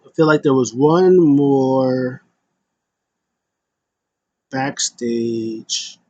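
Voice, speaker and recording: A man rambling through a casual recap of wrestling events, with frequent fillers and quick impressions of the wrestlers. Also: mid-range voice, dark tone, muffled recording.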